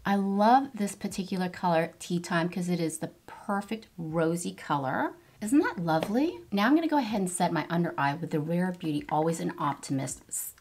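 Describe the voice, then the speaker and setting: Fifties woman, beauty vlogger, low-pitched and effusive, talks viewers through a makeup routine with eager praise. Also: breathy edge. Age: 50s. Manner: gushing, enthusiastic product praise. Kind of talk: get-ready-with-me makeup tutorial.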